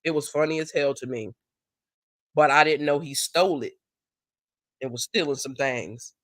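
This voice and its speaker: A woman hosting a casual live stream, chatting and telling stories, acting out what people said in a higher voice. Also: normal speed, no room sound, clean studio sound. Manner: animated storyteller who acts out quotes in a higher voice.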